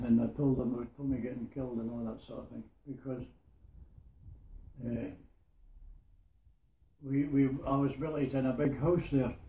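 A Scottish man in his nineties recalling his wartime years in a rambling storytelling manner, often repeating "I says". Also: mid-range voice. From Scotland. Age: 90s. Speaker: war veteran interviewee. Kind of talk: oral history reminiscence. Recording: echoey, tinny phone-like sound.

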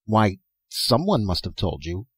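A man's voice: on the low side, very animated, measured pace, slightly rough, no room sound, full character voice. A man voicing a bewildered young man. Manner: puzzled, questioning.

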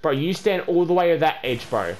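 A man hosting a gameplay video, stammering and repeating words, then scolding another player loudly. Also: on the high side, animated, quick pace. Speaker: gaming channel host. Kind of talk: casual gameplay chat.

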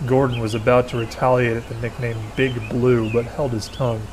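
A man telling a children's storybook tale in a gentle, measured voice at an ordinary middle pitch. There is faint noise in the background. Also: flat delivery. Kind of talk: storybook narration.

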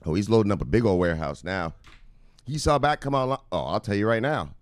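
Male crypto vlogger, loose and profane, lively pitch, close and dry. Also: a little fast, no room sound. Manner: rambling, profane, offhand. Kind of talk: casual chat to viewers.

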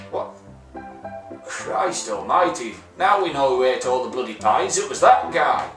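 A young man commentating a game pack opening, excitable and sweary, yelling and groaning at each result. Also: on the high side, recorded from a distance. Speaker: gaming YouTuber. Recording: roomy echo, voice a bit off-mic, faint music.

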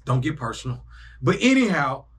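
A young man hosting a casual sports reaction video, animated and breaking into loud bursts as he talks to himself. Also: fairly high pitch, moderate pace, husky. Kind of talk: excited casual reaction commentary.

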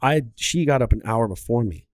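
A man's voice: mid-range voice, animated, brisk, dry recording, clean studio sound. A man co-hosting a podcast, telling a funny story in casual chat, laughing and swearing as he goes. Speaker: podcast co-host.

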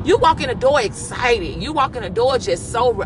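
A woman giving a lively, exhorting devotional while driving, recorded on a phone in her car. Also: on the high side, moderate pace, hardly any pauses, background noise. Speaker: church member giving a devotional. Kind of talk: casual spoken devotional.

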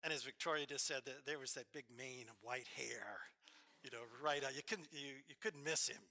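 A man's voice: mid-range voice, a little fast, vocal fry. A man with an Alabama accent giving a eulogy at a memorial service in a church, telling stories with frequent fillers and asides. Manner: storytelling, warm asides, hesitant fillers. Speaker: officiant.

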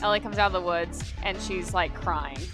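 A woman playing a tabletop role-playing game, playful and quick with her remarks. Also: fairly low pitch, over music. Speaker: player. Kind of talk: tabletop role-play chat.

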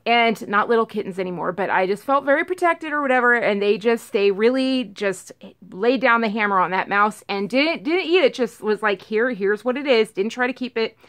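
A woman casually telling a storytime on her vlog, rambling and animated, acting out what everyone said. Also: on the high side, normal speed. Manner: rambling, animated retelling full of "like" and acted-out quotes. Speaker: vlogger telling a storytime about her cat.

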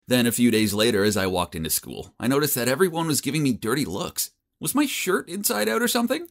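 A young man tells an animated story in the first person as a nerdy teenage boy. His voice sits at a middle pitch and leaps around constantly, full of awkward, expressive swings. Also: fast, vocal fry, hardly any pauses. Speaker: narrator.

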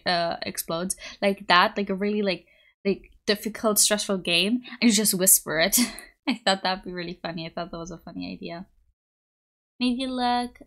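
A bubbly young woman streamer chats with her viewers from home, rambling and giggling as she reads their messages. Her voice sits at an ordinary middle pitch and comes through a desktop mic. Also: fairly bright tone. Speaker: livestreamer. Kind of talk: casual chat with live chat. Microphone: desktop USB mic.

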